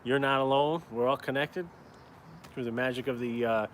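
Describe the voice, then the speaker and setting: Speaking at normal speed with medium pitch and fairly even intonation, a man rambles and swears casually to viewers of his live stream. He's an upstate New York caricature artist and vlogger, outdoors in town in the cold, and a little hiss or hum is audible.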